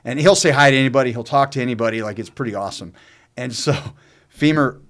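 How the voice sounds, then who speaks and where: A man's voice: mid-range voice, fast, a bit bright. A man telling a long personal story in casual chat, rambling and profane, with many fillers and restarts. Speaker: co-host telling his own story.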